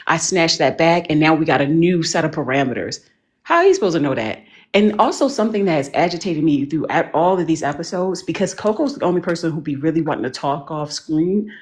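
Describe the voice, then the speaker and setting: Emphatic, slangy woman, lower voice. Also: fairly quick. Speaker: panelist. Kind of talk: casual chat.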